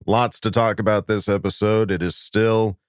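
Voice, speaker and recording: A man co-hosting a fan podcast in casual chat, chatty and excitable, laughing often. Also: fairly low pitch, normal speed, no echo, studio quality. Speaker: podcast co-host.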